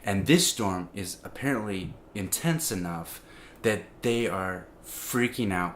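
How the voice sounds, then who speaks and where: A man giving an informal, conversational sermon, full of restarts and fillers, growing animated as he tells the story. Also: deep voice, slow pace, slight background noise. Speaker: preacher.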